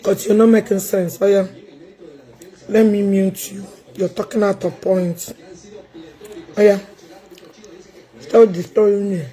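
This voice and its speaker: A woman's voice: mid-range voice, steady tone, measured pace, pauses often, warm tone. A Nigerian woman with a Nigerian accent hosting a livestream, talking bluntly and scolding a caller over a phone mic. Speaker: livestream host. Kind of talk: casual livestream chat.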